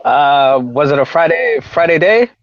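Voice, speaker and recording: A man's voice: on the high side, unhurried, dry recording, lo-fi sound. A man co-hosting a sports podcast, chatty, with mocking asides. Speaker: podcast co-host. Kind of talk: casual chat.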